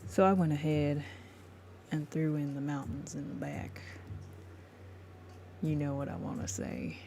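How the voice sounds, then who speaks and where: A woman's voice: deep voice, little pitch movement, a little slow, gravelly, mellow, a little hiss or hum. A young woman chatting casually with her viewers while she draws live, laughing often and calling them y'all. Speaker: livestreaming artist.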